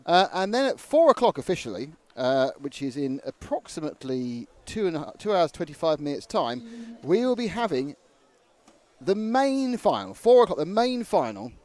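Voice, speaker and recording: A male race commentator chatting and joking on a live broadcast. His voice sits a bit high and swoops lively up and down as he rattles through the schedule and teases his co-host. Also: normal speed.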